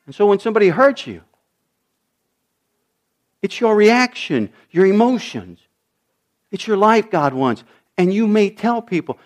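A middle-aged man preaching a sermon in an animated way, his voice rising high and dropping low for emphasis. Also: a little slow, long pauses. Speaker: pastor.

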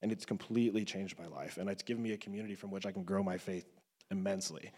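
A young man in his twenties tells his faith testimony in an earnest, emotional way, often leaning on casual fillers. His voice sits a little low, and it rings out with the long reverb of a large hall. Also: fairly even intonation, fast talker, warm tone, slightly rough. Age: 20s. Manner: earnest, emotional, loose with fillers like "you know". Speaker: student giving a faith testimony. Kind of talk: personal testimony talk.

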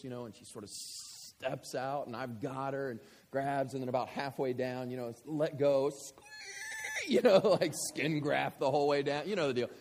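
A man in his thirties, a pastor telling a story in a sermon, going from hushed to shouting. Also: medium pitch, big pitch swings, normal speed, big-room sound, a little hiss or hum. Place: church hall with audience.

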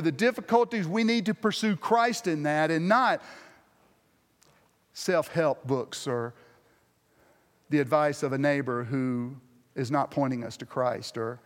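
A male pastor with a drawl delivers an earnest sermon in a fairly high voice. He circles back on his phrases, restarting them to press his point home. His words ring out with the long reverb of a church hall.

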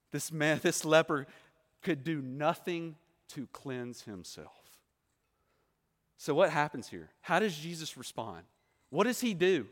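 Man, preacher, fairly high voice, lively delivery, rhetorical questions, long hall reverb. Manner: animated, rhetorical questions, acts out quoted voices. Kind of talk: sermon.

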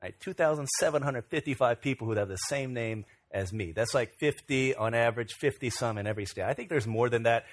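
A man's voice: medium pitch, a little fast, few pauses. Middle-aged pastor guy preaching, telling funny stories about himself, easygoing. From Virginia, USA. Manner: conversational, self-deprecating storyteller. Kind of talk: storytelling sermon.

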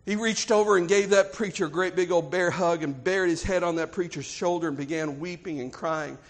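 A man's voice: high-pitched, brisk. A man with a Southern US accent preaching a sermon, telling a story in a folksy, emphatic way and repeating phrases for effect.

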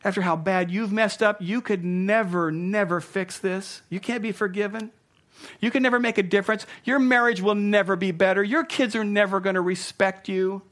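A man's voice: high voice, steady tone, normal speed, fairly bright tone, voice pushed up. A man voicing a scornful male accuser spirit that hurls relentless taunts. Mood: taunting.

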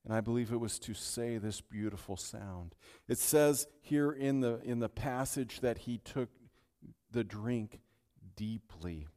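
A male pastor preaching a sermon in a church, dropping to near-whispers at times and building to loud, triumphant declarations. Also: medium pitch, unhurried. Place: church sanctuary.

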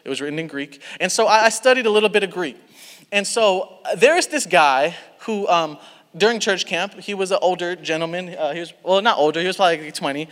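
A young man with a notably high voice preaching a sermon to a youth crowd. He tells stories animatedly, restarting and adding asides as he goes. His voice rings out in a reverberant hall. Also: fairly quick, a bit bright.

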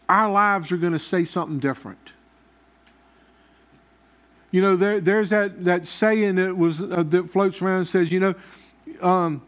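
A man preaching a sermon as pastor, in a folksy, conversational way. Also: high voice.

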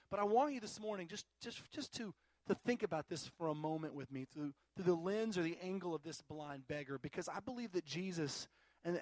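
A man with a notably high voice delivers a sermon, recorded dry with almost no room sound. He preaches with animated, emphatic bursts, then eases into quieter explanation. He often repeats words as he gathers his thoughts. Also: no room sound. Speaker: pastor.

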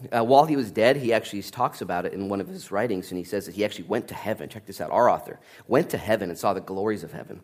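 A man's voice: medium pitch, quick pace. A man preaching a sermon, telling stories with jokes and acting out the voices of the people in them. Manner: animated storytelling, acting out voices and joking. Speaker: pastor.

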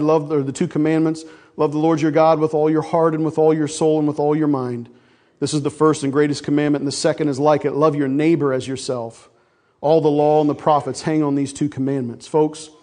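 A man's voice: on the high side, dark tone. A man preaching a sermon to his church, folksy, calling the congregation folks and asking for amens. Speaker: pastor.

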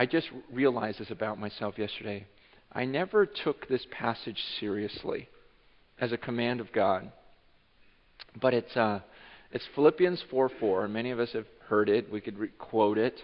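A man preaching a sermon as pastor, animated and repeating his words, swinging from hushed to loud. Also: medium pitch. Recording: dull sound with long hall reverb.

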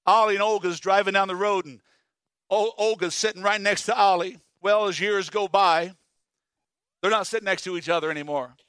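A man preaching a sermon as pastor, animated and folksy, swinging from loud emphasis to hushed asides and telling homespun stories. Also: high-pitched, moderate pace, smooth, no echo, studio quality. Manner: folksy storytelling with humor.

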